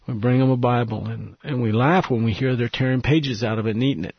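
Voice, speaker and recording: A man, a missionary guest in an interview, telling an earnest, emotional story and dropping to a hushed voice at tender moments. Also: mid-range voice, fast, slightly rough, no echo, muffled recording.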